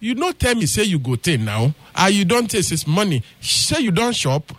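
A man's voice: high voice, sing-song, normal speed, a bit bright, dry recording, exaggerated voice. A man voicing a loving, doting wife who speaks with a Nigerian Pidgin accent.

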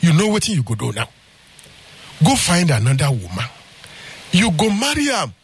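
A man's voice: fairly high pitch, huge pitch swings, moderate pace, breathy edge, voice pushed down, full character voice. A man voicing a grave old native doctor giving advice, speaking with a Nigerian Pidgin accent.

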